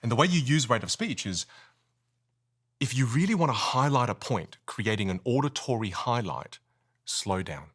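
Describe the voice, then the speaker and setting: A man coaching speaking skills in a podcast studio, animated and melodic, swooping between high and low. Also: normal speed, husky. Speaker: communication coach.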